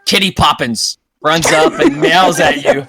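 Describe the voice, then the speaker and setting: A young man acting as game master, narrating a tabletop game in a casual, halting way. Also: on the high side, heavy background noise.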